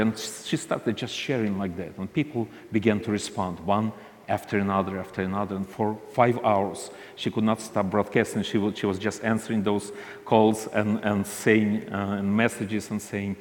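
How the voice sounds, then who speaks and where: A man tells a ministry story, halting often and restarting his sentences. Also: fairly low pitch, steady tone, in a large hall. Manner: halting, frequent restarts and fillers. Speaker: ministry leader. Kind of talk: storytelling talk.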